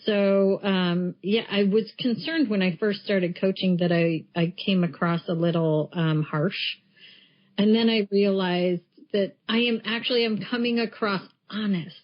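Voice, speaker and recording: A woman's voice: mid-range voice, steady tone, a little slow. A woman co-hosting a podcast as a coach, talking frankly and emphatically and swearing freely. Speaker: podcast co-host and life coach. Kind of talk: casual chat. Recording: muffled lo-fi podcast audio.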